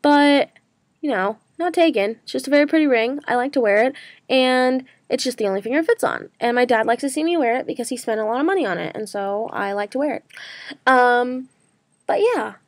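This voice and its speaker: A woman's voice: sits high, lively intonation, fairly quick, no echo, clean studio sound. A young woman in college, talking through her day in a rambling casual vlog full of "like" and "um". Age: young adult. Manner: chatty, rambling, lots of "like" and "um". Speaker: college student vlogger.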